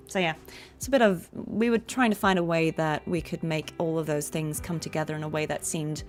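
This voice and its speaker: A young woman chats on a relaxed livestream in a middle-pitched voice. She talks fast and loosely, explaining how voices work and stopping to try out a line herself. Her tone stays easy and conversational. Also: faint music behind. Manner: chatty, explains voice technique with quick vocal demonstrations. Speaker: voice actress streaming a game. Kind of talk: casual livestream chat.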